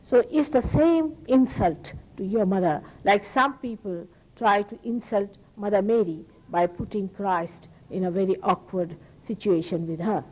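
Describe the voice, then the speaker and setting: A woman's voice: medium pitch, dark tone, low-quality recording. Earnest Indian woman giving a spiritual lecture. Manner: earnest, emphatic, moralizing, with pauses and restarts. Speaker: spiritual teacher.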